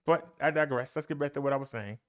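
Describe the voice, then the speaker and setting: A man leading a Bible study as a minister, preaching in an emphatic, folksy way and talking straight to his listeners. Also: medium pitch. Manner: slow, emphatic delivery with long pauses and swooping emphasis.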